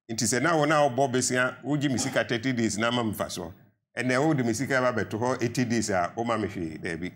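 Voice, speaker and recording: An older Ghanaian-accented man, a pensioner guest on a studio panel debate, argues earnestly and rises to emphatic appeals. His voice is lowish and a bit bright.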